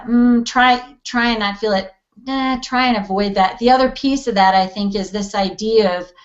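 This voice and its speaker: A woman's voice: medium pitch, fairly bright tone, lo-fi sound. A woman guest in a casual interview, talking animatedly and acting out quoted voices with easy laughs. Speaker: interview guest, EFT practitioner.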